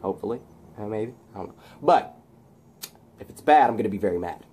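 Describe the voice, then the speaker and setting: A man casually retelling his own fan story in an excited, rambling way, with sound effects thrown in. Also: lowish voice, a little fast, husky.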